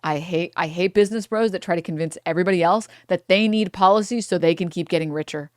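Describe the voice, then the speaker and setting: A woman's voice: lowish voice, fast talker, no echo, studio quality. A woman streamer giving live reaction commentary in a heated, profane rant.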